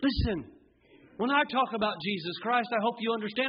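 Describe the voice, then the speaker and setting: A man preaching a sermon in a church, fervent and swinging from hushed tones to shouting, often asking the congregation rhetorical questions. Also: high-pitched, expressive, moderate pace, lo-fi sound. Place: church sanctuary.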